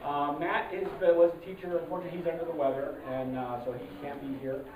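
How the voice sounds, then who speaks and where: A member of an improv troupe warming up a live audience, talking haltingly with many fillers and restarts and loudly calling out cues to the crowd. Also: medium pitch, steady tone. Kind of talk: live audience warm-up talk. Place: live show venue. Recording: distant, roomy, muffled live recording. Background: audience ambience.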